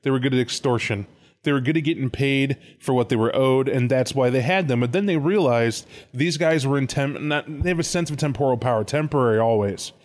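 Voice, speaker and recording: A man co-hosting a casual podcast, rambling with profanity and quick, animated asides. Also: medium pitch. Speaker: podcast co-host.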